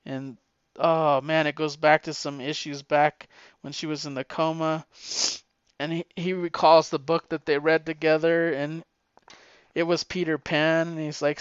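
A man casually retelling a comic book plot, excitable and emotional, swearing freely. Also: fairly high pitch, measured pace, clean tone, dry recording, dull audio.

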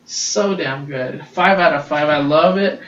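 A man's voice: fairly high pitch, unhurried, fairly bright tone, slight background noise. A man hosting a casual solo podcast, gushing and swearing freely as he reviews comics, recorded on a laptop's built-in mic. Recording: roomy, distant, dull laptop-mic recording.

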